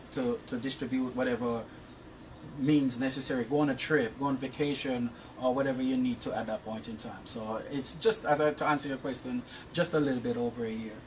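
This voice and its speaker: A man's voice: mid-range voice, far from the mic, slight background noise. Jamaican guy answering interview qs, earnest, lots of "i, i" restarts, kinda long-winded. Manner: earnest, repeats and restarts words; explains at length. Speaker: interview guest, insurance professional.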